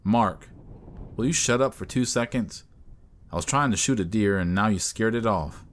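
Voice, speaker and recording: A man's voice: low voice, normal speed, natural voice. Austin, a man reading as an edgy young hunter.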